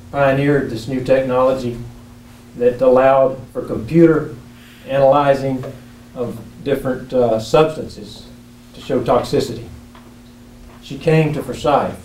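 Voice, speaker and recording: A man's voice: medium pitch, a little mellow. A man giving an impassioned public comment at a town council meeting, telling a story with earnest, building urgency. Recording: echoey council chamber, mic at a distance, faint hum.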